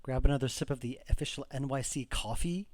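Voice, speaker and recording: A man's voice: mid-range voice, quick pace, dry recording, clean studio sound. Rambling middle-aged New guy. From New York. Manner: rambling, chatty with fillers and soft laughs. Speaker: game developer. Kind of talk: casual livestream chat.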